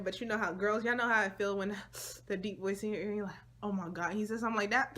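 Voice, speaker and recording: A woman's voice: medium pitch, fairly even intonation, fast talker, a bit bright. A young woman vlogger telling a personal story to her viewers in a casual, slangy, chatty way.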